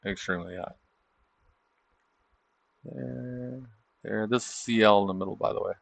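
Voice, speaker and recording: A man's voice: fairly low pitch, a little slow, vocal fry, a bit bright, no echo. A man hosting a trading livestream, chatting casually over charts and tossing in tag questions like "isn't it?". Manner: loose, chatty, thinking aloud.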